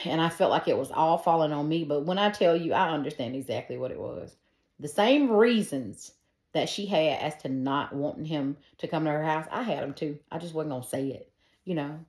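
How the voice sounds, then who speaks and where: A middle-aged woman with a low, slightly mellow voice shares her personal faith testimony at a normal speed, speaking earnestly and conversationally straight to her listeners. The room is echoey.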